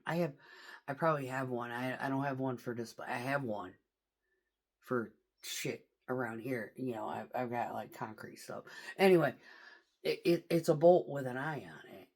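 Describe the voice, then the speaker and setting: A woman's voice: a bass voice, moderate pace, a little mellow. A woman truck driver telling a story in a casual vlog, swearing freely and talking animatedly.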